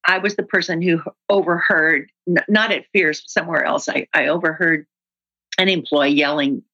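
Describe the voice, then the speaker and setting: A woman's voice: deep voice, normal speed, highs cut off. A woman guest who trains people in workplace communication, telling stories in a conversational interview and acting out example dialogue. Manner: animated storyteller who acts out example dialogue.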